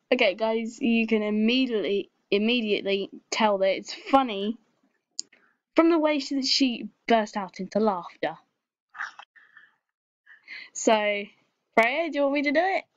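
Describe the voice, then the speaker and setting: A woman's voice: a little high, animated, a little slow, long pauses, dry recording. A young woman with an English accent chatting on a call, giggly and hesitant with many ums. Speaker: video host. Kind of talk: casual chat on a call. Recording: lo-fi muffled recording.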